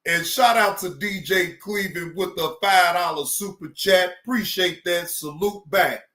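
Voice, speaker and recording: A man talks slowly and loosely to his stream audience, swearing freely and shouting out viewers by name. His voice is bright and a little high for a man. The room around him rings with echo. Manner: profane, laughing, shouts out viewers. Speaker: streamer reacting to videos. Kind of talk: casual live-stream chat.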